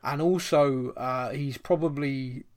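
A man co-hosting a podcast in casual football chat, chatty and quick to laugh, with plenty of fillers. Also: medium pitch, darkish tone. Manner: chatty, laughs often, many fillers and restarts; reads listener mail aloud. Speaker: podcast co-host.

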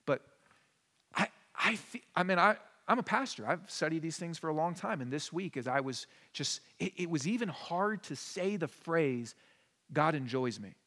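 A man in his thirties, a pastor, preaching a casual sermon that swings from hushed asides to emphatic high points. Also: lively intonation, moderate pace. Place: church sanctuary. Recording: long church reverb.

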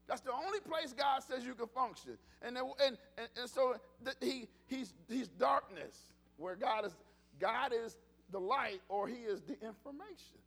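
A man with a strikingly high voice preaches in a loose, conversational way. He talks animatedly, repeats words and starts his phrases over as he goes. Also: normal speed, a bit bright. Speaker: pastor. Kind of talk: casual sermon.

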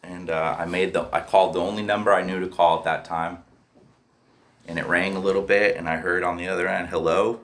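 A man's voice: low voice, little pitch movement, a little fast, a bit bright. A man telling his recovery story in a candid, profane way, often checking in with "right?". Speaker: speaker sharing a recovery story. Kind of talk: personal storytelling.

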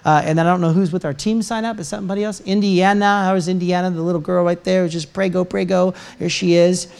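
Fast and high-pitched, with fairly even intonation and some vocal fry, this middle-aged pastor's voice is a little mellow, clear and resonant. In the church sanctuary he jokes casually at his own expense while delivering announcements and a sermon with a personal story.

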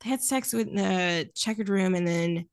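A woman of middling pitch who hosts a relaxed movie chat. She is animated and laughs easily, and she jumps into playful impressions of the characters. She comes across loose and conversational. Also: normal speed, smooth. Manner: animated, giggly, acts out scenes in quoted voices. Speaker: podcast host. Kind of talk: casual film discussion.

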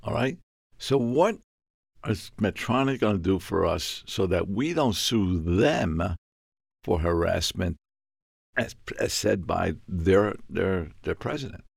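Gravelly older man telling a story. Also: slow pace, no echo, studio quality. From Puerto Rico. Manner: animated, acts out dialogue with sudden high-pitched outbursts. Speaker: guest. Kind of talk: storytelling interview.

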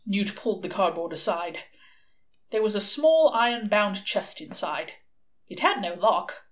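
Expressive woman reading a novel aloud. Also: mid-range voice, unhurried. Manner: expressive storytelling. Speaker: audiobook reader.

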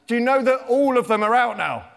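A man's voice: very high-pitched, expressive, a little fast, creaky, fairly bright tone. A man who writes children's books gives a playful, chatty comic talk to a young audience in a large lecture theatre. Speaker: children's author. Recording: reverberant lecture hall.

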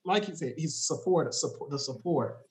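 A man talking in a casual chat among friends, halting and laughing between phrases. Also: fairly high pitch, animated, a little mellow, low-quality recording.

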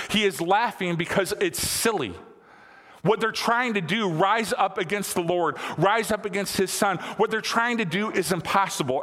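A man in his thirties delivers a sermon with a bright, forceful voice pitched a little high. He talks conversationally, repeats phrases for emphasis and climbs to excited peaks. The sound carries a long reverb from a church hall. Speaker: pastor.

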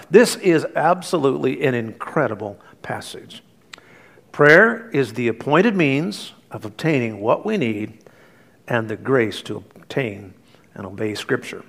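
Earnest middle-aged male pastor preaching. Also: mid-range voice. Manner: storytelling, earnest with light humor. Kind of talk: sermon.

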